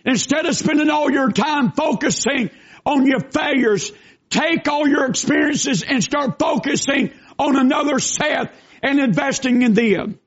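High-voiced older preacher, shouting. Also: male voice, a little slow. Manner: preaching with shouted bursts and folksy asides. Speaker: pastor. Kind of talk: sermon. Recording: dull lo-fi sound.

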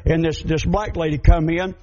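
A man with a Southern American accent preaching a fervent sermon, emphatic and building up to shouts. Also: a little high, fairly even intonation, normal speed, highs cut off.

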